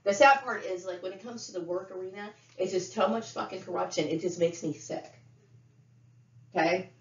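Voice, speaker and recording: A woman's voice: medium pitch, normal speed. A middle-aged woman giving an unscripted monologue to camera, talking bluntly, profanely and in circles. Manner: blunt, profane, repetitive ranting. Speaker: vlogger. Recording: roomy, dull lo-fi sound.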